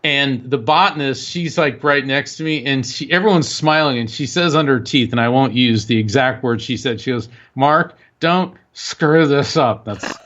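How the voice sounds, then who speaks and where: A man being interviewed as a guest author, telling an animated anecdote that is full of fillers and restarts. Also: medium pitch, fairly quick, hardly any pauses, highs cut off. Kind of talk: storytelling interview.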